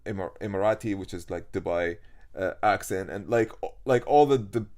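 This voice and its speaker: Young man, Iraqi-born, Arabic accent, casual chat, animated storyteller full of fillers, lowish voice. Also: normal speed. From Iraq. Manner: animated, laughs often, many fillers and restarts. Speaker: podcast guest. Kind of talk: casual conversation.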